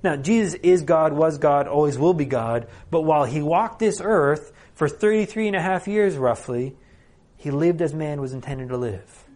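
A man's voice: a little high, moderate pace, a little mellow. A man giving a conference sermon in a conversational way, with jokes and rhetorical questions. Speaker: conference speaker. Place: conference hall.

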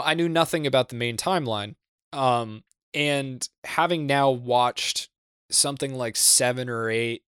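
Young guy podcast host rambling and swearing a lot, smooth clear voice, dead dry sound. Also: medium pitch, a bit bright, dry recording. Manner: rambling, profane, lots of fillers and restarts. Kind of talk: casual podcast chat.

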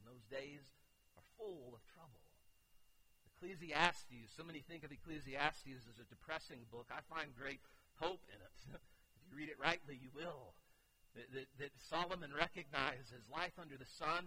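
Bright, forceful male pastor preaching. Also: mid-range voice, moderate pace, low-quality recording. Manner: dynamic preaching, swinging from hushed to loud. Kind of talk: sermon. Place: church sanctuary.

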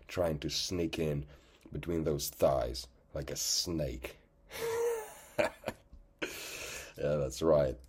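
A man's voice: very deep voice, a little mellow, husky. A man delivering a blunt, profane rant with open contempt, often tagging his points with "okay?". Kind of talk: angry profane rant to camera.

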